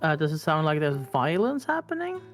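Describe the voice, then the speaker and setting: Lowish-voiced woman playing a tabletop game. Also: big pitch swings, faint music behind. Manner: polite, halting in character. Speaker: player.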